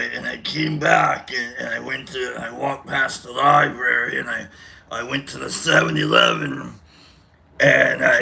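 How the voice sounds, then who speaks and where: A man putting on a gruff, low mock samurai voice as a comic impression, talking slowly. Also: pushed and bright, exaggerated voice.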